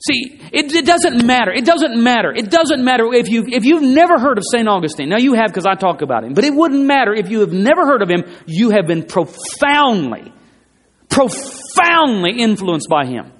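In a church, a man with a very high, sing-song voice preaches emphatically at a moderate pace, repeating phrases for stress. His delivery rises and falls, and the recording carries a long hall reverb.

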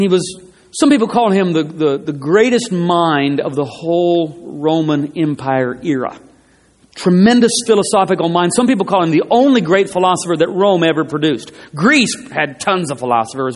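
A high-pitched male preacher delivers an emphatic sermon and doubles back on his phrases to drive each point home. His voice rings out through the long reverb of a church hall. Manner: emphatic, repeats phrases, rising and falling delivery.

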